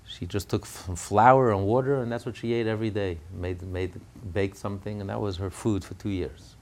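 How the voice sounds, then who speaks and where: Guy with a lowish voice telling a family story as a sermon, chatty, lots of restarts, gets fired up. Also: fairly even intonation, brisk, warm tone. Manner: conversational, with fillers and restarts, rising to fervent peaks.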